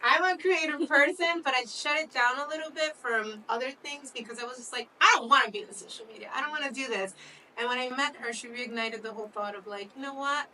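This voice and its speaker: A woman's voice: high voice, a little fast, sharp tone, far from the mic, slight background noise, rough recording. A woman co-hosting a talk show, chatting candidly and laughing often. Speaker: co-host. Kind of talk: casual chat.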